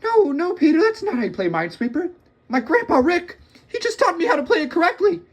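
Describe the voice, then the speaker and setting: Squeaky, stammering Morty. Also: male voice, brisk. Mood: excited. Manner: stammering, high-pitched and excitable. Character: squeaky nervous teenage boy, anxious and eager. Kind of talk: comedic cartoon impression.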